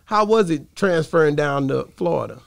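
A male host with a gravelly edge and a somewhat high voice, recorded dry and close. He chats in a laid-back, slangy way and keeps the conversation going with steady agreement. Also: normal speed, dry recording. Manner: laid-back, slangy, affirming with many yeahs. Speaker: interview host. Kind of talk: casual interview talk.

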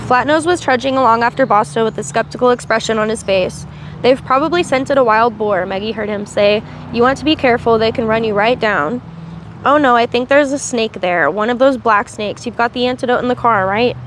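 A woman's voice: a little high, brisk. Woman reading a novel aloud, faint traffic. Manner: reads with small slips and restarts, asides in between. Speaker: reader.

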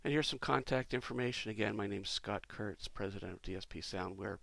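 A man, a company president, talking through a product demo in a relaxed, explanatory way with frequent pauses. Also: fairly low pitch, gravelly, no echo. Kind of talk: casual product demo walkthrough.

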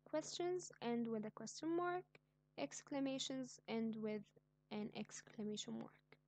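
A woman teaching an online grammar lesson, speaking slowly and clearly and repeating each example sentence. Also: fairly high pitch, animated, a little mellow. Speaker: English teacher.

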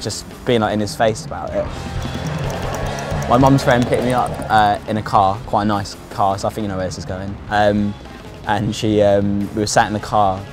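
Casual sweary young man. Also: lowish voice. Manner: casual, sweary, lots of likes and fillers. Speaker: interviewee recounting his own psychosis. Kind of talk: candid documentary testimony.

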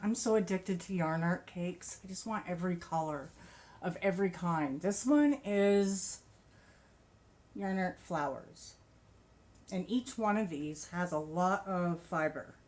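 A woman's voice: on the low side, unhurried, darkish tone. A woman vlogger chatting casually about her crochet projects and yarn, gushing and laughing often. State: a bit out of breath. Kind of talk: casual show-and-tell chat.

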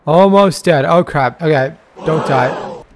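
An excitable man narrating his own gameplay in a fairly high voice. He laughs and blurts out reactions constantly, switching between panic and amusement as a let's play host. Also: slow pace, a little hiss or hum. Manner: excitable, frequent laughs and exclamations. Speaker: gaming YouTuber.

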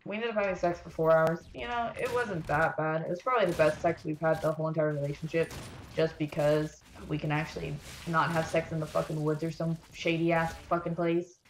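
A young woman telling a rambling, swear-heavy story while playing a video game, venting in an animated way. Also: low voice, fairly quick. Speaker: gaming streamer. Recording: roomy echo, faint background noise.

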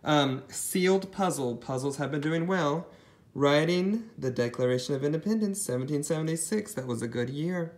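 A man's voice: a little high, normal speed, a little mellow. A man casually chatting as he shows off a thrift haul, rambling with lots of ums and side comments. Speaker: thrift reseller showing a haul. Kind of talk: casual haul vlog chat.

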